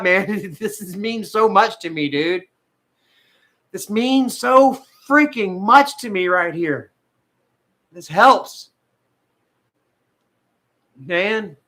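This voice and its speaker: A man's voice: sits high, pushed and bright. A man vlogging live to his viewers, rambling with lots of fillers and swearing, at times tearful and emotional. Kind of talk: emotional casual livestream talk.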